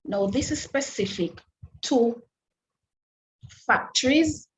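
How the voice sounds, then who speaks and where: A woman's voice: a little high, highs cut off, slight background noise. A woman presenting an online food safety lecture, asking her audience many rhetorical questions and restarting phrases as she explains. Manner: careful, deliberate explaining with frequent restarts. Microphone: online webinar microphone.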